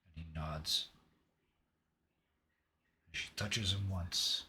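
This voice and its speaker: Low-voiced dramatic game master narrator. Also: male voice, fairly even intonation, very slow, long pauses, sharp tone, slightly rough. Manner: vivid, dramatic storytelling with hesitant restarts.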